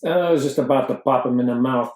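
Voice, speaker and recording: A gruff, blustering Brooklyn tough guy with a put-on New York accent, acted by a woman. His voice sits extremely low and dark, mangling grammar as he grumbles. It rings in a roomy, echoey space. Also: fast. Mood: indignant. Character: brash Brooklyn tough-guy husband, middle-aged man. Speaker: podcast co-host in character. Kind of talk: improvised comedy sketch. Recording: roomy echo.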